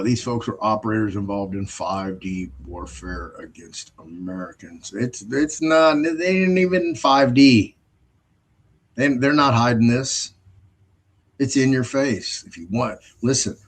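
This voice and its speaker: A man with a husky, mid-range voice hosts his own show in a loose monologue. He sounds blunt and scornful, swears freely and breaks into short laughs between phrases. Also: medium pitch. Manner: laughs between phrases while telling stories. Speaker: show host. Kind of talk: casual ranting monologue.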